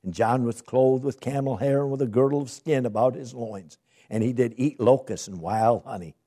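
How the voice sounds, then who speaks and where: A man delivers a sermon, reading scripture aloud and then explaining it in a conversational way. His voice is mellow and husky. He keeps putting questions to his listeners as he teaches. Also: medium pitch, normal speed. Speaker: preacher.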